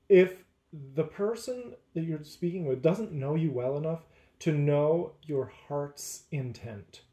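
A man who teaches, talking through faith and relationships in a measured, deliberate way. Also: on the high side, mellow, roomy sound. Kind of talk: casual faith discussion.

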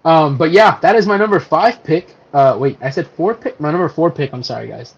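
Animated laid-back male podcast co-host. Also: fairly high pitch, a little fast, creaky, slightly rough. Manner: animated, laughs easily, swears casually. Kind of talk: casual podcast chat about superhero films. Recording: slightly dull lo-fi audio.

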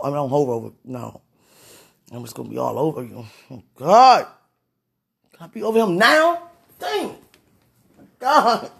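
A vlogger speaking an emotional, pleading prayer to the camera, swinging between quiet murmurs and excited bursts. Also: medium pitch, vocal fry, slightly rough. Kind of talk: casual spoken prayer to camera.

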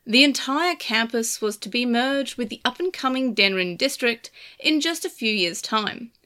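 A woman narrating a game's story chapter aloud in a steady, measured reading. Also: a little high.

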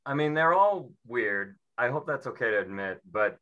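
Bright-voiced rambling comedian man. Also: medium pitch, expressive, normal speed, dull audio. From Seattle. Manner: rambling, self-mocking, breaks into mimicry. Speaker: stand-up comedian. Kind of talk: stand-up comedy set.

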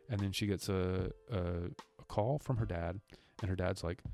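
Deep, mellow-voiced man recapping a movie. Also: steady tone, brisk, gravelly, hardly any pauses. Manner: retells scenes, acting out characters' lines in a lifted voice; loose, rambling, many restarts. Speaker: podcast co-host. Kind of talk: casual movie recap chat.

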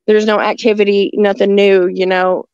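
A woman telling stories in a rambling, halting way, with many restarts, talking from a rural home near the woods. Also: mid-range voice, flat delivery, darkish tone, clean tone, no echo, lo-fi sound. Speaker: guest telling encounter stories. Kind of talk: casual storytelling on a call-in show.

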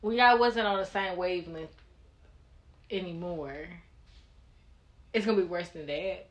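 A woman's voice: fairly low pitch, unhurried. A woman co-hosting a podcast, talking frankly and animatedly, often laughing. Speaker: podcast co-host. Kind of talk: casual chat.

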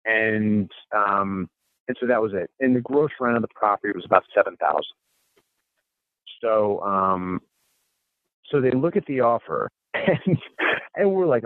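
A man's voice: mid-range voice, animated, normal speed, no echo. A man, a real estate investor appearing as a guest, telling a deal story in conversational style and quoting the people involved. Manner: recounts dialogue in quoted snippets, frequent restarts. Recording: phone-like narrow sound, dry.

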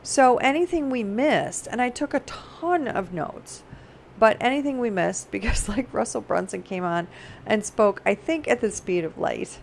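A woman's voice: on the high side, gravelly. Chatty middle-aged woman, faint room hum. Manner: rambling, animated, quick to laugh. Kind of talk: casual personal chat.

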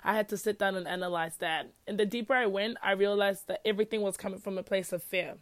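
A woman's voice: medium pitch, quick pace, no echo. Earnest young woman, dry close sound. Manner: animated, earnest, rhetorical questions. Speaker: podcast host. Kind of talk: casual Christian teaching talk.

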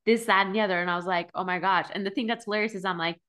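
Woman, podcast host, chatty, expressive, casual interview talk. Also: medium pitch, very fast.

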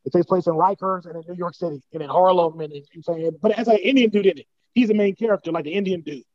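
Fast-talking high-voiced man, slangy chat. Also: no room sound, lo-fi sound. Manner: rambling slangy storytelling with many fillers. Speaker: podcast co-host. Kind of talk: casual chat.

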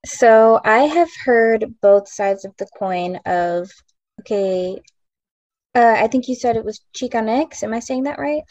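A woman's voice: on the high side, expressive, measured pace, darkish tone, no echo. A young woman taking part as a guest in a casual podcast discussion over a video call, speaking hesitantly with many fillers. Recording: dull lo-fi call audio.

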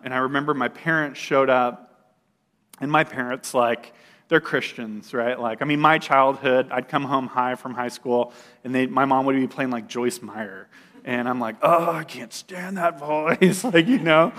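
Sharing his personal testimony as loose, conversational storytelling, a man with a mid-range, somewhat bright voice stumbles through fillers and restarts, occasionally chuckling at himself.

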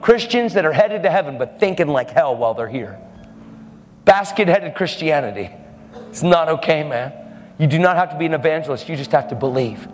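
A man's voice: a little high, animated, fairly quick. A man preaching a sermon, telling a testimony story in a fervent, emphatic way. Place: church service hall. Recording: reverberant hall.

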